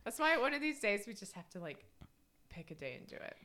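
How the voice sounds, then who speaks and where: Bright-voiced woman in her thirties, chatty. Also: mid-range voice, very animated, fairly quick. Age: 30s. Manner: chatty, laughs often, many fillers. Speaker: podcast co-host. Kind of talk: casual chat.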